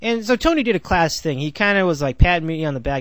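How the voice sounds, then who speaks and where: A man's voice: on the high side, animated, fast talker, fairly bright tone, no room sound. A man in his twenties hosting a solo sports podcast, rambling with sarcastic asides and frequent self-corrections. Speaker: podcast host.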